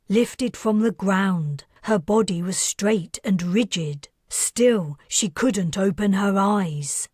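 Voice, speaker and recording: A woman narrating her own science fiction audiobook, reading tensely, building to near-shouts in the panicked passages and dropping to hushed whispers in the quiet ones. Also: medium pitch, no echo, studio quality.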